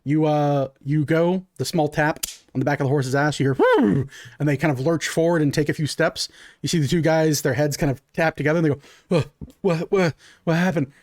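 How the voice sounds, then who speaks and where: A man's voice: fairly high pitch, fairly even intonation, fast, a little mellow, no room sound, studio quality. A man running a tabletop game as game master, narrating in a loose, chatty way with lots of fillers.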